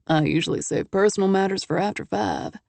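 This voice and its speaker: A woman's voice: mid-range voice, brisk, creaky, a little mellow, no room sound, lightly acted. A woman voicing a wry Texan millionaire man. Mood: easygoing. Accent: Texas. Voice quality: easygoing, wry drawl. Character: confident Texan millionaire man, easy drawl.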